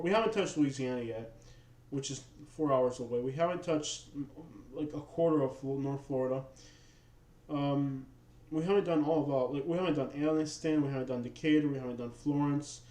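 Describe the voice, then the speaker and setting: A man with a New York-tinged accent hosts a laid-back livestream, chatting to viewers in a rambling, relaxed way with frequent restarts. His voice sits a bit high for a man and rings in a roomy, echoey room. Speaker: livestream host. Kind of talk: casual livestream chat. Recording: roomy echo.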